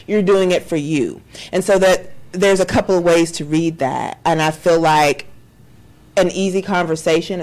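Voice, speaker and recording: A middle-aged woman talks candidly on a podcast, swearing freely and giving blunt relationship advice. Her voice sits a little low. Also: a little mellow. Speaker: podcast co-host. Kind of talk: casual advice chat.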